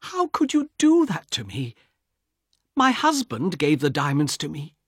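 A scared young woman begs her brother in a high, strained voice, as a man reads her part. Her pitch swings widely and the sound is dry and close, with a breathy edge. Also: huge pitch swings, unhurried, a bit bright, dry recording, full character voice. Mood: pleading. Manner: high pleading voice.

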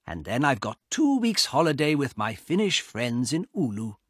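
A man voicing the inner thoughts of a quiet, fussy fifty-year-old man in a read-aloud story. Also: medium pitch, sing-song, breathy edge, no echo, clean studio sound. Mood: musing. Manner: slow, mildly grumbling inner thoughts. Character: quiet, fussy middle-aged man, fond of trains.

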